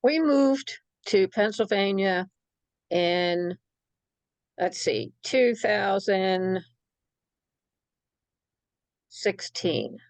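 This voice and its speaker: A woman's voice: medium pitch, expressive, very slow, long pauses, darkish tone, no room sound. An older woman, a show guest, telling her story of caring for her husband in a plainspoken, wry way. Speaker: guest caregiver. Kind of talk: personal story on a talk show.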